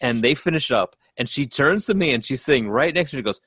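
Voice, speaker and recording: Male podcast host, lively storyteller voice, dry close mic. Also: mid-range voice, fast, husky, no echo. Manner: animated storyteller, acts out quotes. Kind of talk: casual chat.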